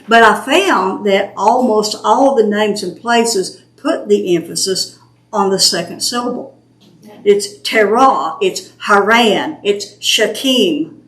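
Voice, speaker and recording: A woman with a medium-pitched voice and an East Tennessee Southern accent takes it slowly as she leads a small-group Bible study. She is chatty and patient and laughs easily, in a roomy home recording.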